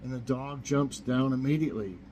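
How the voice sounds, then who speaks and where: A man's voice: medium pitch, a little fast, darkish tone, slight background noise, poor audio. A man hosting a casual morning chat show from his kitchen, rambling and chuckling at his own jokes. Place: home kitchen.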